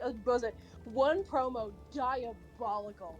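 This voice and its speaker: A woman's voice: on the high side, normal speed, soft background music. A woman streamer chatting casually and animatedly, rambling with many fillers and restarts, and swearing now and then. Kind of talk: casual chat while drawing.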